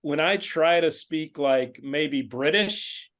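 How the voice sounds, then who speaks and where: A man who is a guest on a casual sports podcast and talks in a relaxed, rambling way. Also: fairly high pitch, slow.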